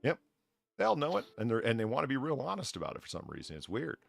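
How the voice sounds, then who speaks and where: A man's voice: medium pitch, huge pitch swings, quick pace, vocal fry, no echo. A man hosting a livestream podcast, chatting casually and animatedly with fillers and laughs. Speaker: podcast host.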